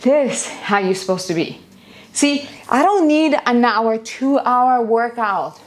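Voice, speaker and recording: Energetic woman coaching a live workout. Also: a little high, slow pace, slight background noise. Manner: energetic coaching cues, counting down. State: out of breath at times. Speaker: fitness instructor. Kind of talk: live workout class instruction. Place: home, near a busy street.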